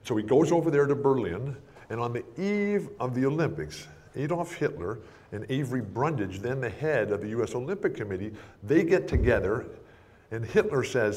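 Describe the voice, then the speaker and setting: A man spinning animated stories in conversation. He laughs often and puts on quick voices for the people he quotes, his pitch in a middle range. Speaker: broadcaster. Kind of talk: storytelling in conversation.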